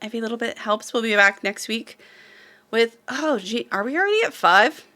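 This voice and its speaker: A woman's voice: fairly high pitch, expressive, moderate pace, pushed and bright. A tired woman, the game master, signing off a late-night tabletop stream in a rambling, laughing way. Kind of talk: casual stream sign-off.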